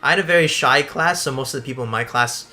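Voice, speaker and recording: Bright young guy, kinda high voice, animated storytelling over quiet game music. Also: quick pace. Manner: animated storyteller, swears freely, laughs while telling. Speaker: let's play host. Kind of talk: casual gameplay chat. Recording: faint background game music.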